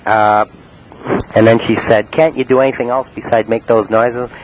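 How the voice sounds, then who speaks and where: A man in a spoken-word monologue, recounting his prank calls in a halting, matter-of-fact way with many uhs and ums. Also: medium pitch, steady tone, noisy background. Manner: halting, full of uh and um.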